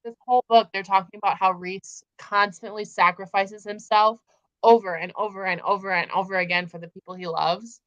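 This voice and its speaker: A woman's voice: medium pitch, fairly even intonation, brisk, fairly bright tone, dull audio. A young woman hosting a casual book chat livestream, gushing and emphatic as she talks through the story. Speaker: host.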